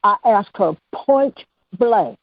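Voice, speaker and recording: A woman guest, telling a personal story on a radio talk show and acting out the dialogue with lively energy. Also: medium pitch, slow pace, no room sound. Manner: animated storyteller who acts out dialogue. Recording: dull, dry radio-show audio.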